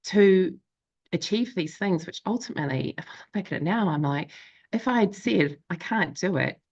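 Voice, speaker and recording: A woman's voice: on the low side, expressive, normal speed, a little mellow, breathy edge. A woman in her thirties, a life coach, telling a candid personal story in a reflective, confessional way, acting out her own thoughts and quoting others. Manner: reflective, confessional, many fillers and quoted inner voices. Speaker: life coach and show host. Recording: slightly dull lo-fi audio.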